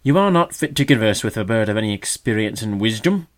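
A man voicing a haughty, worldly male magpie in a storybook reading, with a lofty, scornful manner and a slightly raised, louder voice. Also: on the low side, animated, quick pace, close to an everyday voice.

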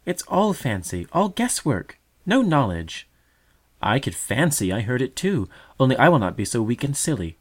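A man voicing a young doubting brother bird in a storybook, scoffing and agitated, pitched far above his own voice. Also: big pitch swings, normal speed.

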